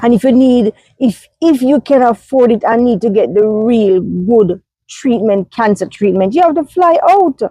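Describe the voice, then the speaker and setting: A woman's voice: fairly high pitch, measured pace, hardly any pauses, warm tone, breathy edge, no room sound, poor audio. A Jamaican woman vlogging from inside a car, phone held in her hand, talking emphatically with lots of fillers and repeats. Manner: emphatic, repetitive, many fillers. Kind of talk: casual vlog talk.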